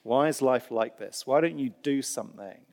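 A man preaching a sermon, telling stories with animated delivery and dry, self-deprecating humor. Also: medium pitch, moderate pace, gravelly. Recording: long hall reverb.

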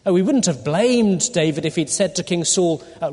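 A man preaching a sermon through a Bible passage, deliberate and full of rhetorical questions to his listeners. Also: on the high side, lively intonation, breathy edge. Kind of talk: expository sermon. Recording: long hall reverb.

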